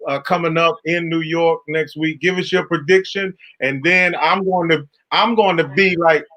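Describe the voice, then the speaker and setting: A man's voice: a little high, fairly even intonation, normal speed, sharp tone. A man hosting a faith talk show, speaking in a preacherly, affectionate, exhorting way. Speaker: host. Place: Carolina.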